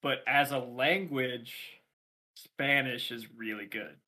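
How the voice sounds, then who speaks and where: A man's voice: medium pitch, takes it slowly, sharp tone. A man co-hosting a casual podcast chat, teasing his friends. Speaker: podcast co-host.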